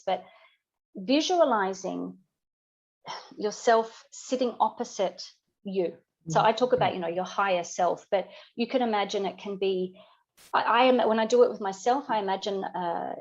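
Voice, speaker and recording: A woman's voice: medium pitch, darkish tone, highs cut off. A woman guest who coaches business builders, explaining ideas earnestly in a reflective podcast conversation, with many "you know" asides.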